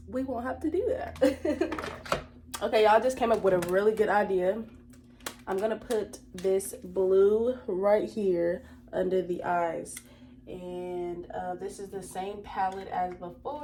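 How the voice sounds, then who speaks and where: A woman's voice: mid-range voice, steady tone, a little slow, noisy background. A young woman, chatting to viewers while doing her makeup. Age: 20s. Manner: chatty, talks straight to viewers as "y'all". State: emotional, close to tears. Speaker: beauty vlogger. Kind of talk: casual makeup tutorial chat.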